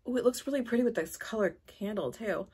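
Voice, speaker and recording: A woman hosting a casual unboxing vlog, gushing and excitable, with gasps and squeals. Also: medium pitch, fast talker, breathy edge. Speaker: vlogger host.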